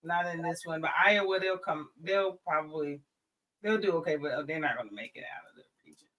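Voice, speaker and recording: Animated woman trash-talking on a podcast. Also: sits low, brisk, rough recording. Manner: animated, playful trash talk. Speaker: podcast co-host. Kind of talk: casual sports chat.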